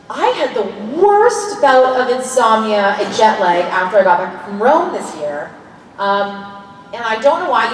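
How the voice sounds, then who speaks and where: A woman's voice: mid-range voice, a little hiss or hum. Chatty woman in an echoey hall. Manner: chatty, candid, laughs often, swears casually. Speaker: convention panel guest. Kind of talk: casual convention Q&A chat. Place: large convention hall. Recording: echoey hall, distant mic, faint ambience.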